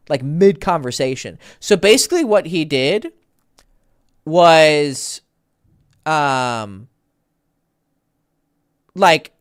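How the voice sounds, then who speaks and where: A man in his thirties tells a story as a dating coach, swearing freely and stopping to correct himself. His pitch swings up and down a lot. The recording is close and dry. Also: fairly bright tone, no room sound. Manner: rambling, profane, self-correcting. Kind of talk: casual storytelling.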